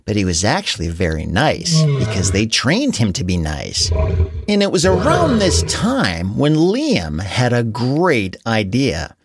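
Animated, unhurried storyteller. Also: mid-range voice, over music. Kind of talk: children's story told aloud.

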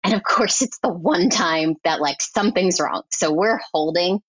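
A woman editor telling a lively, chatty story as a podcast guest, peppering her talk with "like". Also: lowish voice, moderate pace, slightly rough, no room sound. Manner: animated, chatty, heavy use of "like". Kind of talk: casual storytelling interview. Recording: dry, slightly dull podcast audio.

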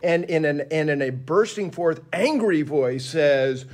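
A man co-hosting a Bible discussion, talking in an expressive way and acting out quotes with big jumps in pitch. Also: measured pace. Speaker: podcast co-host. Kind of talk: animated conversational Bible discussion.

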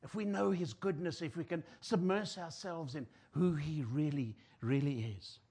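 This is a South African preacher whose slightly high voice is creaky and husky, and his pace is moderate. He veers from emphatic, loud passages to hushed near-whispers, dramatizing the voices of despairing people.

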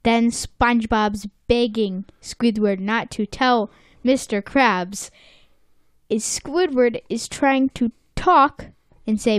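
A woman's voice: a little high, takes it slowly, dry recording. A playful young woman casually recapping a cartoon episode with a friend. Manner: playful, acts out characters in silly voices. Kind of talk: casual chat.

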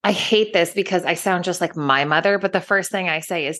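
Woman, 30s, easygoing podcast co-host, chatty and quick with asides. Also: fairly low pitch, a bit bright. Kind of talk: casual chat.

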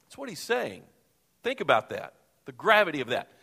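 A man preaching a sermon from the pulpit, expressive, acting out the Bible quotes he tells. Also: fairly high pitch, moderate pace, gravelly, breathy edge. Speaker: pastor. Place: church sanctuary. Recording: long reverb of a church hall.

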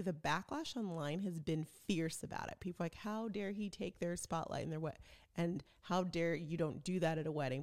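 A woman's voice: sits low, vocal fry, darkish tone. A middle-aged woman, chatting casually as a podcast host and telling stories with quoted voices. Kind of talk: casual chat.

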